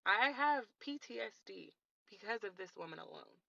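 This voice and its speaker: A woman's voice: mid-range voice, expressive, moderate pace, creaky, bright, forceful tone, dry recording, dull audio. A woman in her late twenties from the Washington DC area, telling a personal story to her viewers in an emphatic, indignant way. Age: late 20s. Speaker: vlogger. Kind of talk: storytime vlog, talking to viewers.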